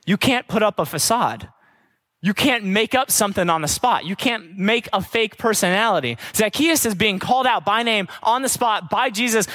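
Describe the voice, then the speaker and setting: Young male youth speaker, high bright voice, energetic and chatty. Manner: energetic, slangy, chatty asides. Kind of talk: casual Bible teaching.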